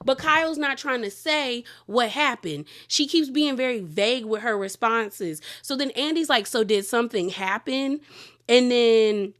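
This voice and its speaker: A woman's voice: fairly high pitch, a little slow, a bit bright. A woman casually recapping a reality TV reunion episode, talking loosely with lots of fillers and laughing asides.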